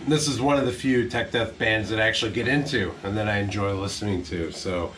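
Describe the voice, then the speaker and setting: A man co-hosting a casual metal album review, talking in a relaxed, easygoing way. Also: fairly low pitch, fairly quick, a little hiss or hum.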